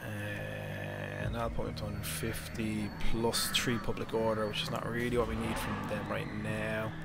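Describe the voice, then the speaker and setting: A man's voice: lowish voice, animated, a little slow, creaky, over loud music. An Irish man streaming a strategy game at home, chatting casually with viewers, laughing often and thinking aloud. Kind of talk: casual live-stream chat. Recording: noisy background.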